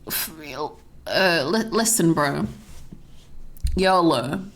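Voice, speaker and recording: A woman's voice: lowish voice, lively intonation, very slow, pitched below the performer's own voice, exaggerated voice. A woman parodying a laid-back father giving his son a mock-serious pep talk in bro slang.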